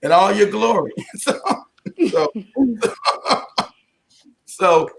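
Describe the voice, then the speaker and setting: A man's voice: high-pitched, lively intonation, drawn-out words, creaky, very noisy. A man giving a casual talk to an audience, telling jokey, profane stories full of restarts and asides, and calling his listeners family. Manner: keeps addressing the audience as family. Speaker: speaker at a community talk.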